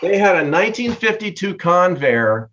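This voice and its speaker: An older man with a fairly high voice spins a rambling road story as a guest, breaking into laughter between sentences. The sound is dull and lo-fi. He talks casually and animatedly. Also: very animated, moderate pace, fairly bright tone. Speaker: guest musician.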